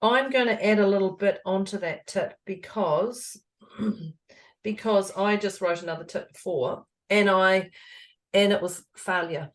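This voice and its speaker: A middle-aged woman co-hosts a motivational podcast in a mid-pitched voice. She is chatty and expressive, tells personal stories and laughs often. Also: unhurried. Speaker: podcast co-host, stress coach. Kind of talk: casual motivational chat.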